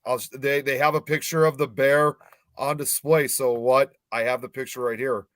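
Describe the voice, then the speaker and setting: Give me a male podcast host with a middle-pitched voice, recorded dry and close. He talks in a loose, rambling way, stumbles over tricky names, and slips into reading from his notes. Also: fairly even intonation, normal speed, fairly bright tone, no echo. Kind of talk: casual horror podcast chat.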